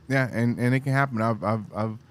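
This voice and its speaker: Man, podcast co-host, casual faith chat, middle pitch, rambling, restarts phrases. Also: steady tone, moderate pace, creaky. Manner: rambling, restarts phrases, reads articles aloud.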